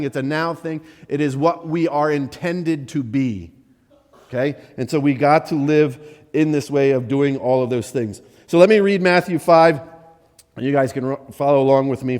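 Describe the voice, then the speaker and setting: A man's voice: fairly high pitch, moderate pace. A male missionary pastor giving a conversational sermon, often restarting and checking in with "right?". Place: church sanctuary. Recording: church hall reverb.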